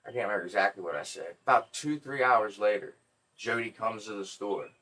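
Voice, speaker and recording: A man's voice: on the low side, fairly quick, bright, forceful tone, recorded from a distance. Profane joking man telling a story. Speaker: podcast host. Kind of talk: casual storytelling chat.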